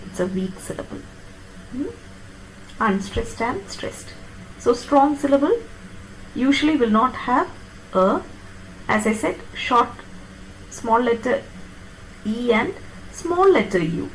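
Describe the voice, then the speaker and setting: A woman lecturing on phonetics, explaining step by step and checking that her students follow with quick tag questions. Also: a little high, gravelly, slight background noise, poor audio. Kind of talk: classroom lecture on pronunciation.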